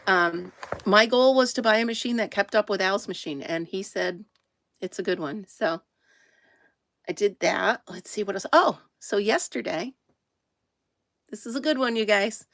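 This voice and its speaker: Woman, gravelly, dry close sound, chatty livestream host, camper. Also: medium pitch, measured pace, pauses often, fairly bright tone, dry recording. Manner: chatty, laughs often, greets viewers by name. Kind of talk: casual live-stream chat. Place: inside a camper.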